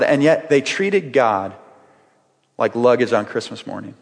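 A man's voice: medium pitch, lively intonation, unhurried, vocal fry, long reverb tail. A man preaching a sermon with earnest, repeated phrases as he builds each point. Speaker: pastor.

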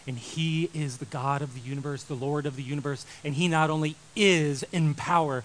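A man in his thirties preaching a sermon, animated, moving from loud emphasis to quiet intensity. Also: a little high, moderate pace, few pauses, slight background noise, low-quality recording. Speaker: pastor.

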